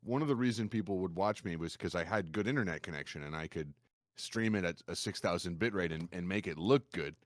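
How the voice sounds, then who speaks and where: A man with a low voice, a streamer guest on a podcast, telling his stories in a lively, animated way. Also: brisk, no echo, studio quality. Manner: animated storyteller, acts out quoted gamers in a raised voice. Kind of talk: casual podcast conversation.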